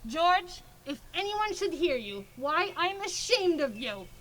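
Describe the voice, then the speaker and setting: A flustered mother scolds her grown son, as a woman plays her in an amateur stage play. Her very high voice swoops widely, and she speaks slowly. A faint hiss sits behind her. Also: sing-song, fairly bright tone, exaggerated voice. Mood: scolding.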